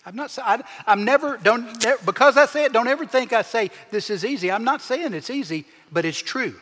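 A man preaching a sermon as pastor, with emphatic swings in pitch and loudness as he acts out the people he quotes. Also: animated, fairly quick. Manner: preaching with emphatic shifts, acting out quoted voices. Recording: long hall reverb.

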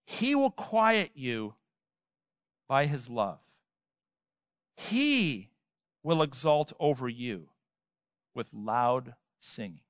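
A man preaching a sermon, emphatic, with rhetorical questions and swings between loud and soft. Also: medium pitch, very animated, drawn-out words, long pauses, no room sound. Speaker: pastor.

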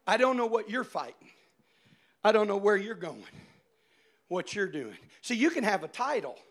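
High, bright, shouting preacher man. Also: moderate pace. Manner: shouted, animated storytelling with big swings. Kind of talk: sermon.

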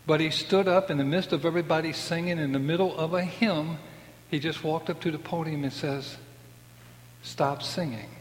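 Brisk and a little high, his intonation fairly even, a man in his sixties delivers a sincere personal faith testimony. He performs the voices of the characters in his account, recorded with a long hall reverb.

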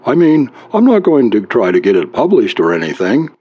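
A man's voice: medium pitch, huge pitch swings, brisk, warm tone, no echo, muffled recording. A man voicing a hunched, brooding husband who hesitates and mumbles, reciting grim verse. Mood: hesitant.

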